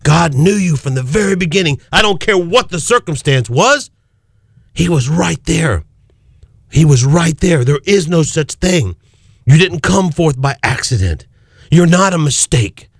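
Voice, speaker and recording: Man preaching hard, bit high voice, swings up and down a lot. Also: animated, unhurried, gravelly, husky, no room sound, clean studio sound. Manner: impassioned, quoting scripture, acting out doubters' voices. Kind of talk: sermon.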